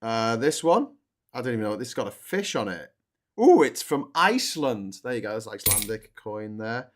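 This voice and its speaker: A man's voice: mid-range voice, big pitch swings, normal speed, slight background noise. A man with a Liverpool accent hosting a casual, sweary political chat show, rambling and joking about himself. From Liverpool, England. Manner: chatty, sweary, self-mocking. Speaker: host.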